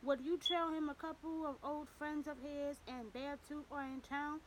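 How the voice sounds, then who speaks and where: An easygoing young cowboy in an audiobook western, voiced by a woman reader. He speaks plainly in a folksy drawl, with a high-set voice. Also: fairly even intonation, normal speed, slight background noise, natural voice, rough recording.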